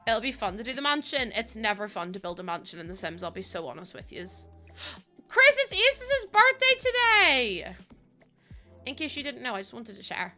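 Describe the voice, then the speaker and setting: Bright, giggly Northern Irish woman. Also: mid-range voice, lively intonation, fast talker, few pauses, faint music behind. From Northern Ireland. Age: 20s. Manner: chatty, giggly, answers chat. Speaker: streamer. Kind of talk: casual live-stream chat while gaming.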